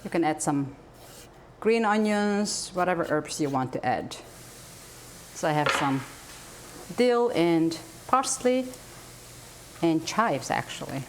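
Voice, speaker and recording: A middle-aged woman talks in a low, chatty voice while cooking in her home kitchen. Her English is halting, with phrasing, and she laughs easily between thoughts. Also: animated, slight background noise. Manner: chatty, laughs often, halting non-native grammar. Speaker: cooking channel host. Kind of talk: casual cooking chat.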